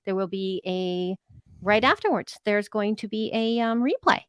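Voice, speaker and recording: A woman's voice: medium pitch, moderate pace, clear, resonant tone, no room sound, clean studio sound. A woman co-hosting a podcast, chatting casually and upbeat with plenty of fillers. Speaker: podcast co-host. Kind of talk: casual chat.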